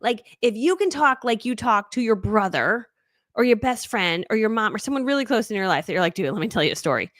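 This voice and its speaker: A woman coaching a live webinar, fast-talking, bubbly and high-energy. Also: animated, a bit bright, no room sound, clean studio sound. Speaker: online business coach.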